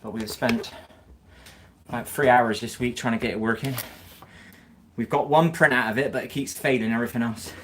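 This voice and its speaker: A man's voice: mid-range voice, steady tone, normal speed, a bit bright, a little hiss or hum. A man chatting casually on a live stream, teasing viewers with banter and frequent chuckles.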